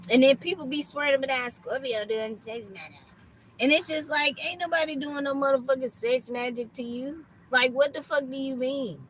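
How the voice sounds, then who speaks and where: A woman's voice: high-pitched, normal speed, fairly bright tone, a little hiss or hum, poor audio. A woman tarot reader ranting in a casual reading, blunt and profane, laughing often between lines.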